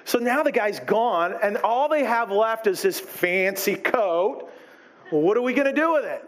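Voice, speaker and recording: A man with a high, light voice delivers a sermon. He preaches with animation and slips into little acted voices for the people in his story. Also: a little slow. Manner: animated, acts out quoted characters. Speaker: pastor.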